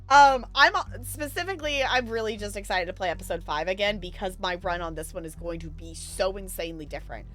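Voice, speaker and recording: A woman streaming a narrative game live, reading its text aloud and gushing with quick laughs between lines. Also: mid-range voice, fairly bright tone, soft background music.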